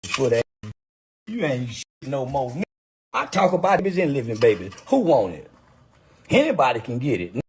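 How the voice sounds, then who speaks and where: A man's voice: mid-range voice, sing-song, moderate pace, long pauses, husky. A man ranting in a mocking, taunting way, cackling often between his lines. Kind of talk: taunting livestream rant.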